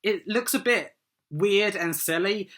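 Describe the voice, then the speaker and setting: A man talks through a TV episode review in a loose, unscripted way. His voice is bright and forward. He fills his sentences with "um" and "like" as he works out his thoughts. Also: high-pitched, a little slow. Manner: rambling, full of "um" and "like", eager. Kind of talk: casual solo review monologue.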